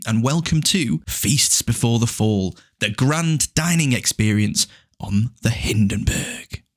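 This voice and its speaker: A male podcast host welcoming listeners and then joking around with his co-hosts. His pitch swings widely, sitting in a middle male register, and his delivery stays casual and animated. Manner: jokey, animated, riffs with co-hosts.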